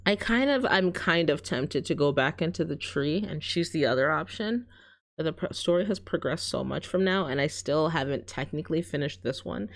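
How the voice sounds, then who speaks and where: A woman's voice: deep voice, animated, normal speed. A woman streaming a story game, chatting casually and correcting herself as she goes. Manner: chatty, rambling, self-correcting. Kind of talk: casual game-play chat.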